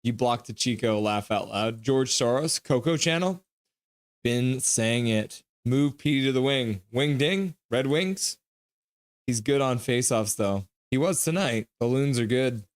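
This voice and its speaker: A man's voice: medium pitch, unhurried, few pauses. A man hosting a live stream, chatting casually, reading out viewer comments and teasing and thanking people by name. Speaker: livestream host.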